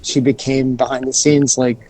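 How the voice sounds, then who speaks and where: A man, a podcast guest, tells a personal story in an animated way, often restarting and repeating phrases and acting out what he said at the time. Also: medium pitch, moderate pace, rough recording. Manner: animated, restarts and repeats phrases, acts out his own quoted reactions.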